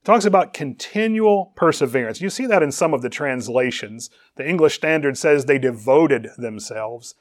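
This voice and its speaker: A man's voice: medium pitch, lively intonation, normal speed, few pauses, no echo, clean studio sound. A man preaching a sermon, reading scripture aloud and explaining its words. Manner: reads scripture aloud and explains Greek words, rising in emphasis on questions.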